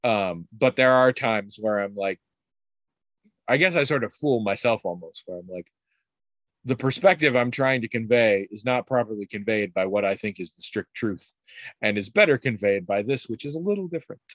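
A middle-aged man in casual conversation, telling rambling stories with frequent restarts and animated quoted voices. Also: on the low side, moderate pace, no echo. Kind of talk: casual chat.

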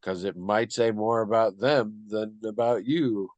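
A man's voice: lowish voice, unhurried, darkish tone, no echo, muffled recording. A man co-hosting a casual discussion, thoughtful and hesitant, often trailing off.

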